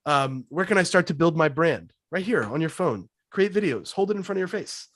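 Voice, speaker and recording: Brief: upbeat male sales coach, slightly high voice, dry and close, quick punchy answers. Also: lively intonation, a bit bright, no echo. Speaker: guest sales trainer. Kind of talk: webinar Q&A answers.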